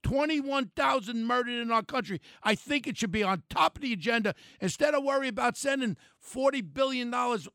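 A gravelly older man rants bluntly on talk radio, his voice raised and angry and pitched fairly high. He sounds close and dry on the mic, with no room around him. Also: a little fast, hardly any pauses, dry recording. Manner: blunt, angry, shouting at times. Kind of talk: opinionated talk radio rant.

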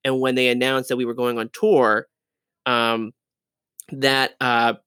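A young man, a Broadway dancer, chatting as an interview guest, animated and laughing often as he tells stories. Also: medium pitch, a little slow, smooth, no echo, studio quality. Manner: animated, laughs often, restarts and trails off mid-sentence. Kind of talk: casual interview storytelling.

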